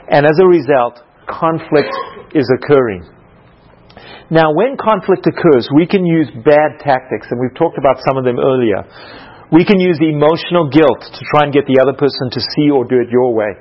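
A preacher teaches a class, delivering a Bible lesson in sermon style with animated storytelling and questions for the audience. His voice sits fairly high and moves at a normal speed, and the recording has its highs cut off.

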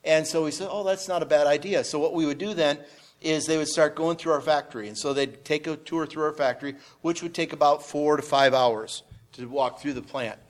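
Storytelling man with a fairly high voice. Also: fairly quick. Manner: rambling, repeats words, many "and, uh" fillers. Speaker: business owner sharing testimony. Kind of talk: storytelling on a panel.

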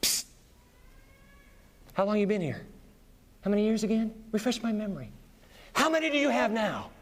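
A man's voice: high-pitched, very animated, moderate pace. A man doing a sly, whispering devil. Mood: taunting. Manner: mocking, wheedling whisper. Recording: long reverb of a big hall.

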